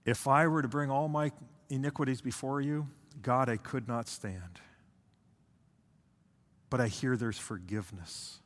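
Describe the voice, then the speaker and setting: A male pastor preaching a sermon, swinging between intense and hushed delivery, with slow drawn-out phrases. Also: medium pitch, steady tone. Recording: long hall reverb.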